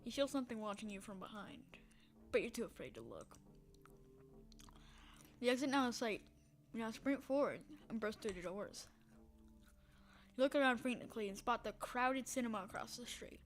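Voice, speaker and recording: A woman with a fairly high voice narrates a text game aloud, giving the prose a dramatic reading. Now and then she drops into a whisper, and she breaks off between passages with quick spoken asides. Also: expressive. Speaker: game streamer.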